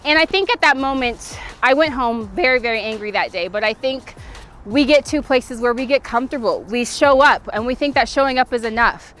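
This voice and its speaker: Woman in her 30s telling a pumped-up coaching story, kinda high voice, super animated. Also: a little fast. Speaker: former softball player giving tips. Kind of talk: motivational storytelling to camera.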